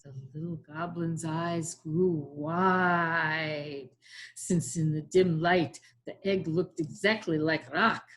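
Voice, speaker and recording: A woman, a children's librarian, reading a storybook aloud in an expressive way. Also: low-pitched, takes it slowly.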